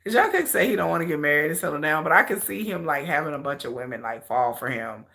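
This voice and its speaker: A woman hosting a livestream in casual chat, animated and slangy, often laughing as she talks. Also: low voice, quick pace, creaky. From United States. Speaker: livestream host.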